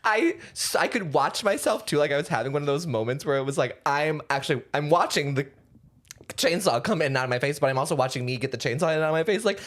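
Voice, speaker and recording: Young man, podcast co-host, casual storytelling, animated, swearing, filler-heavy. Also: on the high side, fast talker.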